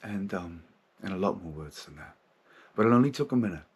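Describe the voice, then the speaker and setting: A man's voice: sits low, lively intonation, fairly quick, slightly rough. A man hosting a spiritual podcast, talking frankly and casually, swearing freely. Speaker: podcast host.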